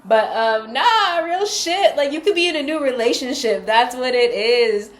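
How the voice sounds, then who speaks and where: A woman's voice: sits high, lively intonation, measured pace, reverberant. Chatty, foul-mouthed tarot-reading woman. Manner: loose, profane and chatty. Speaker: tarot card reader. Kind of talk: casual spoken tarot reading.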